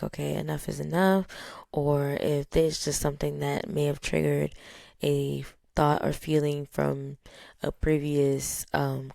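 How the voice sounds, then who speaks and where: A woman hosting a podcast in a casual, reflective way. She talks in a low, even tone that stays calm and steady, with many "um"s and "like"s. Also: vocal fry, no echo, studio quality. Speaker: podcast host.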